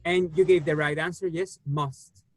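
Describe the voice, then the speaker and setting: A man who speaks natively leads an English lesson with a patient, unhurried manner, pausing on fillers as he walks his students through the answers. His voice sits a little high for a man. The recording is close and dry, with no room echo. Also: steady tone. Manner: patient, explains slowly with many fillers. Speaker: English teacher. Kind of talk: online class teaching.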